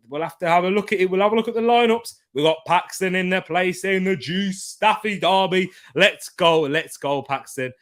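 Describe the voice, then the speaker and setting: A young man hosting a live football watchalong, chatting casually with lots of slang and shout-outs as he reads viewer comments. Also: a little high. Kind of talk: live-stream chat, reading viewer comments.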